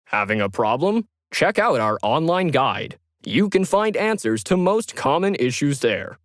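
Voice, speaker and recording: Narrator doing a cheery automated phone system, high and chirpy, scripted delivery. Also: male voice, sing-song, unhurried, dry recording, studio quality.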